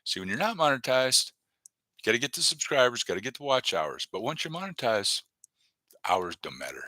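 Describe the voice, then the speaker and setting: A man's voice: medium pitch, big pitch swings, brisk, pushed and bright, no echo. A man hosting a live stream, rambling and joking casually as he talks to viewers in the chat by name. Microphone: desk webcam setup.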